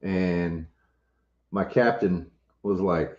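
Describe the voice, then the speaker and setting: A man's voice: low voice, very slow, long pauses. A man hosting a casual livestream, chatting with viewers in a laid-back, joking way. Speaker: homestead channel host. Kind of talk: casual livestream chat, reading viewer comments. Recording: roomy, dull lo-fi audio.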